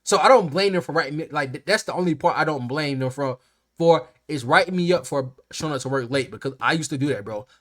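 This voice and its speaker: A man's voice: on the high side, fast. Fired-up young man telling a story. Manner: animated, slangy and profane, acts out quotes. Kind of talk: casual storytime vlog.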